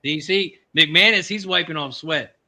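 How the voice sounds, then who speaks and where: A man reacting to a football game as a loud, emphatic fan and co-host. His voice is very bright and sharp, pitched a little high, and he keeps repeating his points. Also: moderate pace. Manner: emphatic, trash-talking. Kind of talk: excited fan chat.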